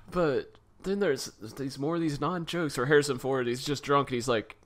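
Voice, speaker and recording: A man's voice: medium pitch, moderate pace, fairly bright tone. A man co-hosting a podcast, chatting casually about a film, laughing often and sounding critical and exasperated. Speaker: podcast co-host. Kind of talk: casual film review chat.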